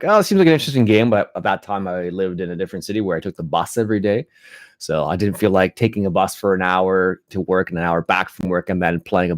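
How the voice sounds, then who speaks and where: Low-voiced man chatting loosely. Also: no echo, clean studio sound. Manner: rambling, relaxed, frequent restarts and fillers. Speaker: gaming channel host. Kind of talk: casual live-stream chat.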